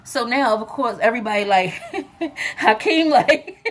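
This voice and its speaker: A woman giving a casual, animated recap of a TV episode, full of "like" and "whatever" and bursts of acted-out lines. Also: a little high, a little slow. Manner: chatty and animated, acts out characters' lines; frequent fillers like "like" and "whatever". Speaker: TV episode reviewer.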